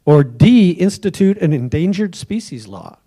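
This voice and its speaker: A man's voice: high voice, animated, a little slow, warm tone. A man hosting a trivia quiz at a club meeting, joking with the tables and offering hints for a dollar.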